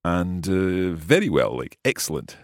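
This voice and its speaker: A man with a very low, deep voice hosts a language lesson, asking curious questions and trying out each new phrase slowly. He chuckles often as he goes, and the recording is close and dry. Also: very animated, no echo. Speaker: podcast host and learner.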